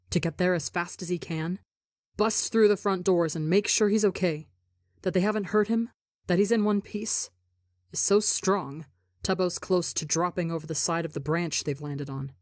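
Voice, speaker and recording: A woman reading a story aloud for a podcast, measured and expressive. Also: fairly low pitch, no room sound, studio quality. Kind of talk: audiobook narration of fan fiction.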